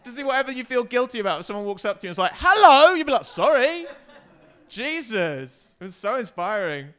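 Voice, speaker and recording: Bright-voiced self-deprecating male comedian. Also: sits high, lively intonation, fast, clean tone. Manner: self-deprecating, hesitant with many ums, then shouting bits. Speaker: stand-up comedian. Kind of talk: stand-up comedy set.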